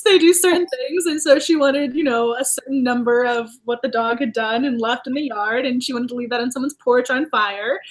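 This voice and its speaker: High-voiced, laughing book club host woman. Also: a little fast. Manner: animated, laughs often, stumbles and restarts. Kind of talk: casual book club chat.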